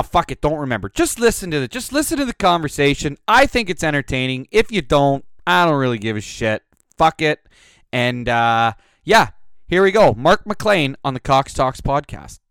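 Profane rambling podcast host, smooth dry voice. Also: male voice, a little high, sing-song, normal speed, a bit bright, no room sound. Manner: profane, rambling, self-mocking. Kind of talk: casual storytelling monologue.

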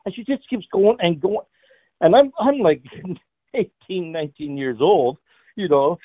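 Over a dry, tinny, phone-like line, an older man who used to play hockey tells a profane story as a guest, laughing often. His high-sitting voice is very animated, and he speaks a little slowly.

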